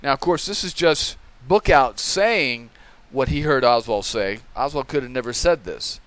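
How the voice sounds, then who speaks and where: A man's voice: medium pitch, animated, moderate pace, fairly bright tone, no echo. A man hosting a channel, giving casual commentary on old testimony and often tagging his points with "okay?". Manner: conversational, tags remarks with "okay?". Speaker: channel host reviewing testimony.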